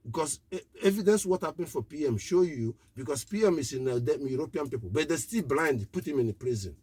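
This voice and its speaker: A man's voice: a little high, expressive, fast talker, a little mellow, husky. A man gives an impassioned live political address as a radio broadcaster, preaching in short, repeated declarations.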